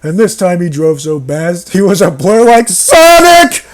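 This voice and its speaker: High-voiced man mocking a horror story. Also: moderate pace, mellow. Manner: sarcastic, breaks into laughter and outbursts. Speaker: reader and commentator.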